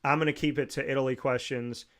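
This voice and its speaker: A male show host shares a heartfelt personal story with a guest, speaking casually and earnestly. His voice is smooth and clear, sitting at an ordinary middle pitch. He pauses and restarts as he reflects. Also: steady tone, fairly bright tone. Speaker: podcast host.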